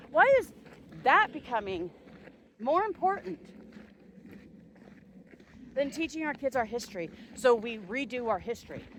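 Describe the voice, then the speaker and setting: Fired-up woman ranting, lively high voice. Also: a little hiss or hum. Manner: heated, emphatic, sarcastic. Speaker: vlogger. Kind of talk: angry rant. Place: outdoors on a walk.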